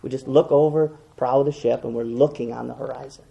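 A man preaching a sermon, impassioned, swinging between loud and hushed, repeating words as he goes. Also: mid-range voice, fairly even intonation, brisk, gravelly, muffled recording.

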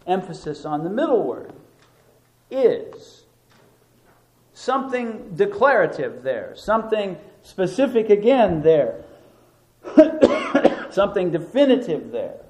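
A man preaching a sermon in a deliberate, emphatic way, repeating words to stress them. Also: a little high, expressive, darkish tone. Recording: roomy echo.

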